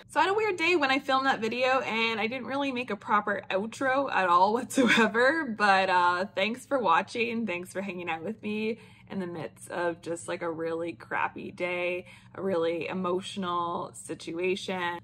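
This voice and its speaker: A woman's voice: mid-range voice, a bit bright. Chatty woman vlogger in an echoey room. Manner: rambling, many "like" fillers, laughs often. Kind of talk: casual vlog chat. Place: room at home.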